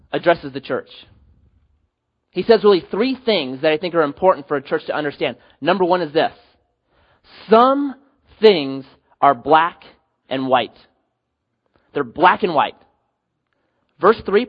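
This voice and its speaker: A man preaching a sermon as pastor, animated, rising to loud emphatic peaks and dropping to quiet low endings. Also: measured pace, pauses often, muffled recording.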